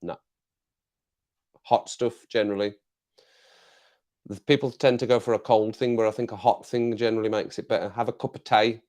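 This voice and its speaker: A man's voice: lowish voice, fairly even intonation, normal speed, long pauses, darkish tone. Chatty, jokey English man hosting. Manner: chatty, jokey, rambling asides, laughs often. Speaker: livestream host. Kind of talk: casual live chat with viewers. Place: home desk. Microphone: clip-on mic.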